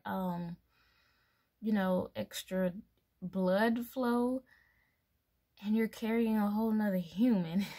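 A woman's voice: medium pitch, creaky, mellow. A young adult woman chatting casually in a pregnancy vlog, rambling with many fillers and laughing between thoughts. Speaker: mom vlogger.

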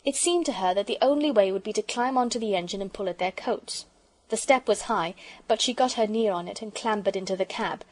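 A woman reads a classic children's book aloud. Her voice sits at an ordinary middle pitch for a woman. The delivery is steady and expressive, made for storybook narration. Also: brisk. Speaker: audiobook narrator.

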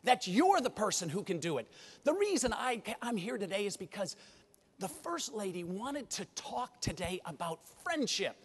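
A man giving a motivational keynote speech at a conference, an animated storyteller who addresses the audience directly. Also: high voice, normal speed, breathy edge. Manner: animated storyteller, acts out dialogue. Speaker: keynote speaker. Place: large conference hall. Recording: reverberant hall.

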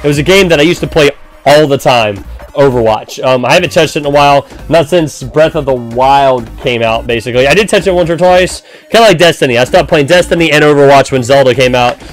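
A man's voice: mid-range voice, fairly quick, soft background music. A man hosting a casual game live stream, chatty and upbeat, greeting viewers by name and explaining with frequent "um"s. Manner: frequent "um" fillers while explaining.

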